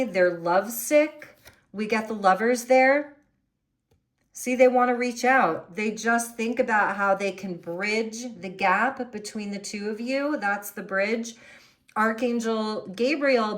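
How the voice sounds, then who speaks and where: A woman doing a tarot reading, musing and thinking aloud as she turns over the cards. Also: medium pitch. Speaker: tarot reader.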